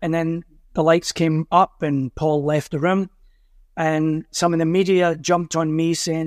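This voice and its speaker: An older man with a Glasgow Scottish accent, a musician guest telling anecdotes in an animated way and acting out the voices of the people in them. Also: fairly high pitch, unhurried, no room sound, clean studio sound. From Scotland. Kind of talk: animated storytelling.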